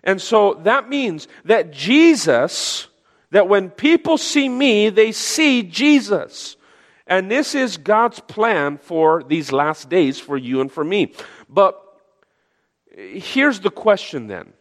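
A man delivers an emphatic sermon, circling back on phrases and restarting sentences as he builds his point. His voice sits slightly high for a man. Long reverb from a large hall trails each phrase. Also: very animated, slow. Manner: earnest, emphatic, repeats phrases with frequent restarts. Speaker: preacher.

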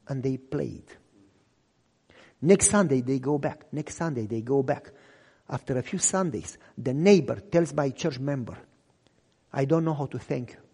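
A man preaching a sermon as a story, acting out the lines of the people in it with big swings between loud and soft. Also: husky. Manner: acts out dialogue with big swings in loudness and pitch. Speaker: pastor. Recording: long reverb in a large hall.

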